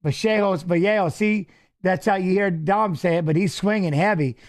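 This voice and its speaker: A middle-aged man hosting a fight watch-along, chatting casually and coaching the fighters aloud with excited calls. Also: high voice, normal speed. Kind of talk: casual live fight commentary.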